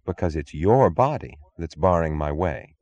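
A man's voice: low voice, animated, moderate pace, a little mellow, dull audio. A man reading an audiobook, voicing a cool, commanding woman executive in a level, firm voice. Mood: cold, commanding.

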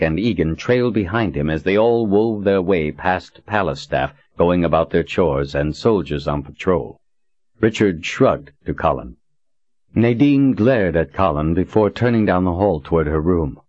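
A man narrating an audiobook in a steady, even reading. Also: sits low, measured pace, no room sound. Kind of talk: scripted narration. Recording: dull dry recording.

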